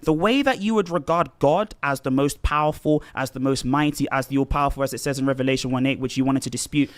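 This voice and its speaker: A man in a formal religious debate, pressing his argument in a fast, insistent way. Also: medium pitch.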